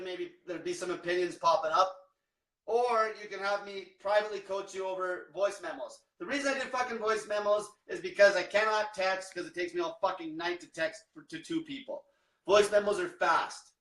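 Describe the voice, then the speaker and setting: High-voiced guy ranting and swearing on a live stream, roomy echo, kinda far from the mic. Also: a bit bright. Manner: profane, blunt, repetitive, fired-up. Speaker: diet coach. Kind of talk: livestream rant.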